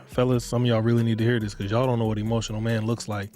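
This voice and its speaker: A man's voice: medium pitch, flat delivery, very fast, a little mellow, soft background music. Blunt man lecturing on his podcast. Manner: blunt, repetitive, street slang, addresses listeners directly. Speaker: podcast host. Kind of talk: casual monologue podcast.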